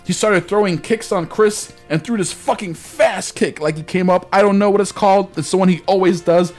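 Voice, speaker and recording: A man hosting a podcast, telling a story in a casual, animated way with plenty of swearing. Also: high voice, moderate pace, soft background music. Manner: animated, profane anecdote telling. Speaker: podcast host.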